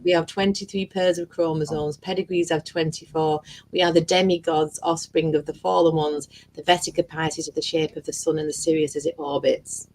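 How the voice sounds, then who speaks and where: A woman's voice: low-pitched, fairly quick, hardly any pauses, poor audio. A woman telling a story in casual, rambling chat on a video call, full of fillers and swearing. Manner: rambling, animated, swears freely, many fillers. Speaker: guest. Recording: faint background noise.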